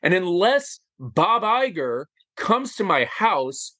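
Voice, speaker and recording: A man in his forties, an interview guest, telling a personal story with lots of fillers, animated and getting choked up as he goes. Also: high-pitched, slow, dry recording. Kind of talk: emotional storytelling in conversation.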